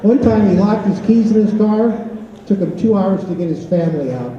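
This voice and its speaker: High-voiced man telling one-liners in an echoey hall. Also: lively intonation, crowd noise. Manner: rapid-fire one-liner joke telling. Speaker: teacher doing stand-up. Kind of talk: stand-up comedy routine. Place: high school auditorium at a talent show. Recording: echoey, distant, lo-fi auditorium recording.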